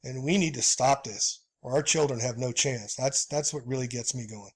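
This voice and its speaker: A man's voice: medium pitch, normal speed, breathy edge. A man hosting a video, giving heated commentary over slides and calling his listeners "folks," with many fillers. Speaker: video host.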